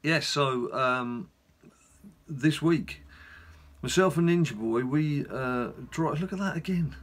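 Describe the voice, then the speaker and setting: A man's voice: fairly high pitch, slow pace. A middle-aged man, casually commenting on his own gameplay in a rambling, chatty way with wry asides. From England. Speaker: gaming channel host.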